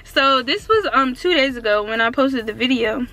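A young woman of about nineteen, chatting excitedly in a casual vlog from inside her car, with lots of "like" and "um". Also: sits high, moderate pace. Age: around 19. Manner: excitable and chatty, full of fillers like "like" and "um". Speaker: vlogger.

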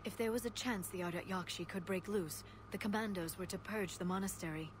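An actress voicing a composed alien scientist woman in a video game, explaining things in a measured, serious way. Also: mid-range voice, background noise, close to an everyday voice. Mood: grave. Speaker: squad member.

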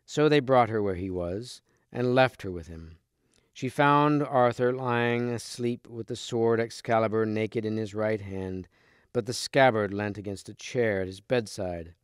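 Smooth-voiced man reading a storybook. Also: fairly low pitch, a little slow, dry recording, studio quality. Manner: steady, clear storytelling. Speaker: storybook reader.

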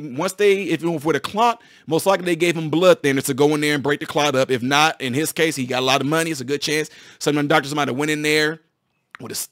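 A somewhat high-voiced man explains a medical topic straight to his viewers, talking fast and getting excited as he goes. He restarts and repeats phrases, talking casually. The sound is dry and close, with no room echo. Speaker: former physical therapist commenting on news.

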